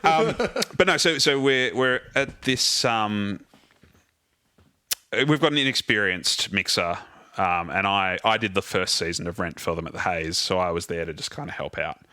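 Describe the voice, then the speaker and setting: A man, a theatre musical director, telling animated anecdotes as a guest in a casual interview and swearing freely. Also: low-pitched, normal speed, clean tone, no echo.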